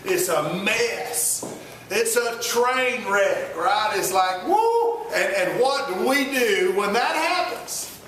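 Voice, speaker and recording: A man's voice: sits high, lively intonation, slow, pushed and bright, a little hiss or hum. A man preaching informally, retelling a story in a folksy, rambling way with many restarts and asides to the listeners. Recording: very echoey room, mic far off.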